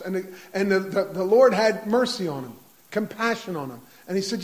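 A man's voice: high-pitched, lively intonation, low-quality recording. A male preacher giving an impassioned sermon, retelling a parable and pressing his point with repetition. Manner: impassioned, builds to near-shouting with quick repetitions.

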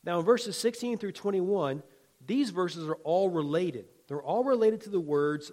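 A man's voice: high-pitched, expressive, a little slow, mellow. A man preaching a sermon as a pastor, talking in a folksy, conversational way with humor and asides, and building emphatic, rhythmic exhortations.

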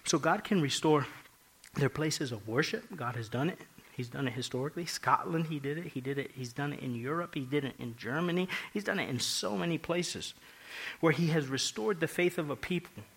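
Bright-voiced preacher man, hushed to loud. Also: a little high, husky, rough recording. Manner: emphatic, swings between hushed and loud; repeats phrases for emphasis. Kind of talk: sermon.

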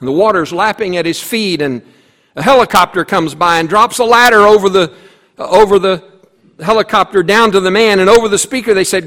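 Pastor preaching in a reverberant hall. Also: male voice, sits high, fairly quick, fairly bright tone. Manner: storytelling with voiced characters, emphatic repetition. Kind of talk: sermon. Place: church sanctuary. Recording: long reverb of a church hall.

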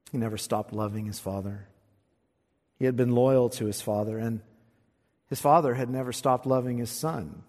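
A man preaching an expository sermon, swinging from quiet, low asides to loud, fervent recitation of scripture. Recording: long hall reverb.

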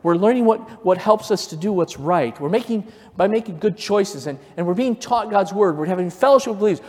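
A male pastor preaching a sermon, telling stories and building from quiet to fervent emphasis. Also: high-pitched, lively intonation, brisk, few pauses. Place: church sanctuary. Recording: long reverb of a church hall.

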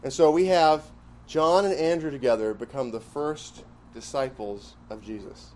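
A man's voice: medium pitch, unhurried, darkish tone, slight background noise. A man teaching a Bible class, who repeats key phrases for emphasis and puts questions to the class.

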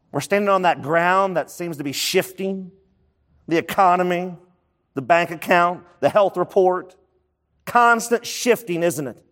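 A man preaching a sermon as pastor, emphatic and repeating his key points so the congregation can write them down. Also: sits high. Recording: long reverb of a large hall.

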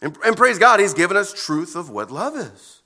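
A man preaching a sermon as pastor, earnest and emphatic, with deliberate pauses between phrases. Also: high-pitched, sing-song, bright, forceful tone.

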